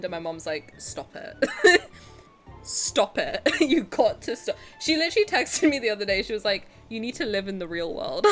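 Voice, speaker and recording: A woman's voice: mid-range voice, fairly bright tone. A young woman streamer chatting casually with her viewers as she reacts, gushing and often breaking into laughter.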